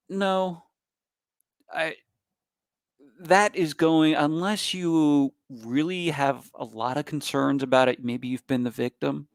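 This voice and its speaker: A man presents on online safety with a gravelly, creaky voice pitched a bit high. He talks in an emphatic, animated way and punches certain words hard. The sound is dry and close. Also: unhurried, no room sound. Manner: emphatic and animated, with bursts of loud stress. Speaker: cybersecurity expert giving a talk. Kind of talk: public presentation.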